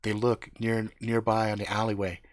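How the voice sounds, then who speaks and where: A man's voice: on the low side, flat delivery, moderate pace, no room sound. A man improvising a profane story live on stream, dropping laughing asides. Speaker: livestream storyteller.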